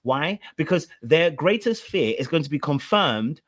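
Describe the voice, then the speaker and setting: A man's voice: on the high side, lively intonation, unhurried. A man, a relationship coach, commenting on a played clip and explaining with repeated rhetorical questions.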